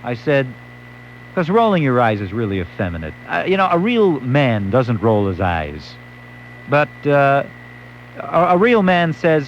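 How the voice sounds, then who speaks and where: A man's voice: mid-range voice, big pitch swings, normal speed, slight background noise. A male late-night radio host, telling a wry story and acting out quotes. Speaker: radio talk show host. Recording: dull lo-fi AM radio recording.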